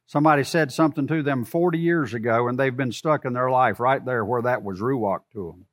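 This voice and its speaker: A man preaching a sermon, swinging from loud emphatic lines to soft low asides and putting questions to the congregation. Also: brisk. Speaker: pastor.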